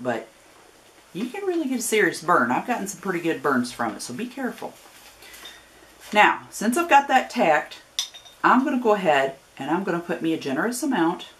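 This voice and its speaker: A woman's voice: low voice, expressive, moderate pace, a little hiss or hum. A woman from Northern Ohio with a Northern US accent that has picked up a Southern twang, giving a chatty, folksy step-by-step craft demonstration with friendly warnings and rambling asides. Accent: Northern US with a growing Southern twang. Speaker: craft tutorial host.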